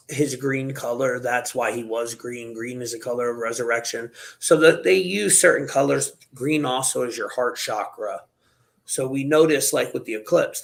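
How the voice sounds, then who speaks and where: A man hosting a casual conspiracy-theory chat, rambling and animated with many restarts. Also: medium pitch. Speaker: podcast host.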